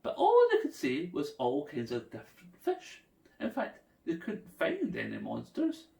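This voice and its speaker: A man telling a playful, animated story for children. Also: sits high, measured pace, distant mic. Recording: echoey room.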